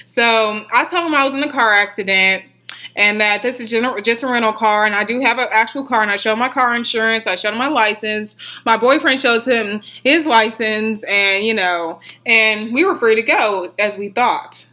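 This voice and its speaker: A young woman telling a story on her vlog, rambling and swearing as she retells it in an animated way. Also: on the high side, normal speed. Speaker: vlogger.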